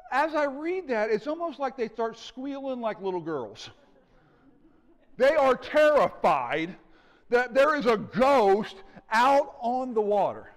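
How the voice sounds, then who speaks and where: A male pastor preaching a sermon in an animated way, acting out the scenes. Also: extremely high pitch, slow pace, big-room sound. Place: church sanctuary.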